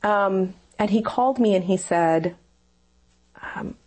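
A woman's voice: mid-range voice, takes it slowly, a little mellow. A woman telling a personal faith story in a conversation, earnest and rambling, with many fillers. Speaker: interview guest.

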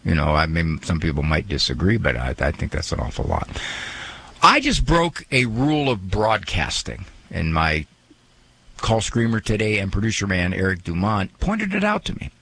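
A man's voice: sits low, very animated, moderate pace, gravelly, bright, forceful tone, husky. A man hosting a radio talk show, chatting in a joking, self-mocking way and acting out little quoted asides. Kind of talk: casual radio monologue.

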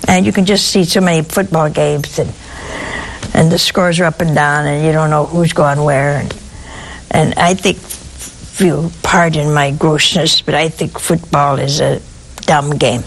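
A woman's voice: low-pitched, steady tone, unhurried, gravelly, a little hiss or hum, rough recording. A woman giving a sermon, telling stories with humor and asking her listeners rhetorical questions. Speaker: preacher.

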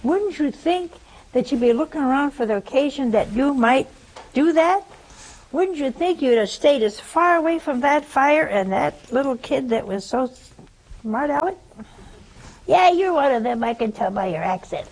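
A woman's voice: expressive, normal speed, darkish tone, rough recording. An older woman with a Southern American accent preaching a sermon, telling a story and asking rhetorical questions. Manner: storytelling, rhetorical questions, pitch swings for emphasis.

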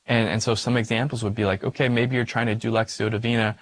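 A man's voice: medium pitch, flat delivery, fast talker, no room sound. A man, a priest, teaching about prayer in a conversational way, with many fillers and questions to the listener. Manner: conversational, frequent "like" and "right?" fillers. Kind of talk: spiritual teaching talk.

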